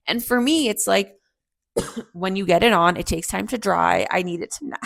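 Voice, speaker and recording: A woman's voice: medium pitch, lively intonation, moderate pace, gravelly, fairly bright tone, no echo. A woman in her thirties hosting a podcast, chatting reflectively through a personal story and acting out the people in it. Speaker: podcast host.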